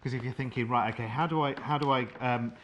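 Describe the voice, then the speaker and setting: A man's voice: medium pitch, steady tone, quick pace, a bit bright, highs cut off, a little hiss or hum. A man hosting a live studio sewing show, chatty and enthusiastic, asking his guest questions.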